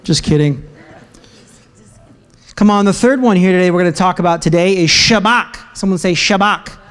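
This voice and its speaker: A man preaching a sermon to a church congregation, energetic and joking, breaking into shouted praise. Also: sits high, normal speed, smooth. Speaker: pastor. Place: church sanctuary.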